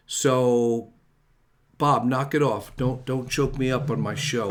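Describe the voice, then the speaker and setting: A man's voice: medium pitch, steady tone, takes it slowly. A middle-aged man hosting a casual talk show, rambling and joking as he signs off. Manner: rambling, chatty, jokey. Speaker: host.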